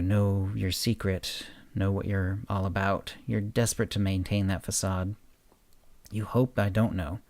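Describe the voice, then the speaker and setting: A man reading a story aloud, voicing a calm, confident man who taunts a prisoner. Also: lowish voice, dry recording, natural voice.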